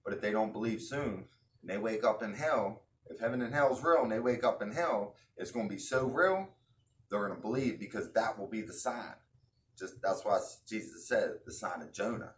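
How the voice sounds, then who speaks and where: A man's voice: on the low side, normal speed, a little hiss or hum. Earnest man musing in rhetorical questions. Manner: slangy, with restarts. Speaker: online video host. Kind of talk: casual religious commentary.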